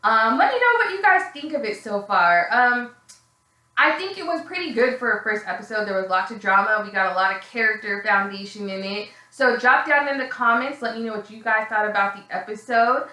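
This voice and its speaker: A woman's voice: lively intonation, brisk, sharp tone. Blunt, sarcastic woman in an echoey room. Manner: blunt, sarcastic, swearing freely; acts out quoted voices in a high, shrill tone. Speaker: reality TV reviewer. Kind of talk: casual recap vlog.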